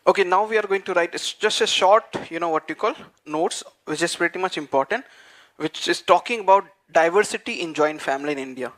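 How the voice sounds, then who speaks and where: A man teaching a class, dictating notes and repeating phrases slowly so students can write them down. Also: high voice, a bit bright. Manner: frequent fillers like "what you call" and "okay". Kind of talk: dictated lecture.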